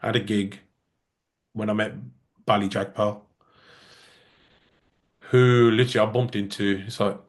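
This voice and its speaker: A man's voice: on the low side, measured pace, long pauses. A man, a musician guest telling stories in a casual interview and acting out the dialogue he quotes. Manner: lively storyteller who acts out quoted dialogue.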